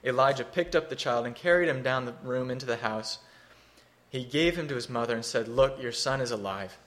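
A man's voice: mid-range voice, brisk, fairly bright tone. A man preaching a sermon, teaching through a scripture passage in an earnest, expository way, rising for emphasis.

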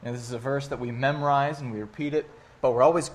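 A man's voice: mid-range voice, fast talker, few pauses. Earnest conversational male preacher. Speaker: pastor. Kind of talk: sermon.

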